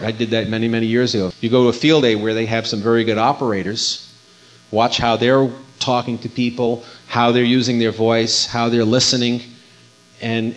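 A man giving an informal instructional talk, conversational and folksy, often repeating his words as he goes. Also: medium pitch. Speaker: amateur radio contester giving a talk. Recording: dull lo-fi recording.

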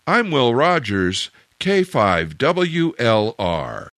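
A male radio host announces in a measured, deliberate way. He speaks very slowly in a bright, lively voice. The recording sounds dry and close. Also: medium pitch, no echo.

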